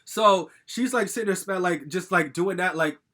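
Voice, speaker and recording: A man's voice: sits high, normal speed, sharp tone. A young man telling a personal story in a casual, rambling vlog monologue, full of "like" fillers and swearing, agitated and venting. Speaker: storytime vlogger.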